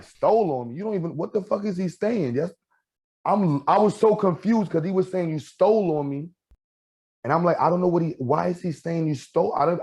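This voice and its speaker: A man telling stories in a casual podcast chat, acting out what people said. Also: fairly high pitch. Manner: storytelling, animated, acts out quotes.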